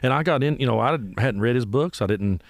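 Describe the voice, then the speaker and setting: A man with an Appalachian accent, a musician guest telling animated stories and acting out the people in them. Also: mid-range voice, fairly quick, no echo. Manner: animated storyteller, acts out voices. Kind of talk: casual storytelling interview.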